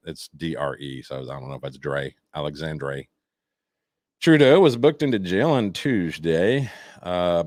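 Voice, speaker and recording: A man co-hosting a casual podcast, joking around and reading news stories aloud with halting, stumbling delivery. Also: deep voice, a little mellow, no room sound, clean studio sound. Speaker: podcast co-host.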